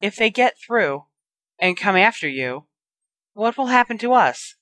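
Brief: shrill, anxious aunt in a storybook reading, raised bright voice, put on by the reader. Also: big pitch swings, measured pace, no echo. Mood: frightened. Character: frightened shrill middle-aged aunt.

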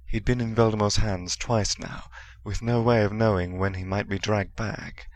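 A man narrating a fantasy audiobook in a steady storytelling manner. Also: lowish voice, moderate pace. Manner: steady storytelling with soft character voices. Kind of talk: scripted narration.

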